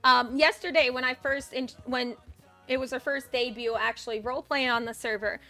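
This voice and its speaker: A chatty, excitable woman streamer with a high, bright voice talks casually to her viewers and swears here and there. Soft music plays quietly behind her. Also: moderate pace. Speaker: livestreamer. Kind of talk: casual chat on a live stream.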